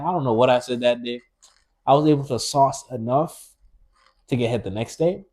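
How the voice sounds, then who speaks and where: A man's voice: medium pitch, normal speed, pauses often, dark tone. A man chatting on a podcast in a laid-back way, telling a story in street slang and laughing between lines. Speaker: podcast co-host. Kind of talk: casual storytelling chat.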